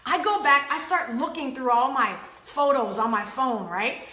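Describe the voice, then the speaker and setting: A woman hosting an inspirational faith talk, telling stories with acted-out quotes and lively laughter. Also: sits high, normal speed, reverberant. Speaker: host.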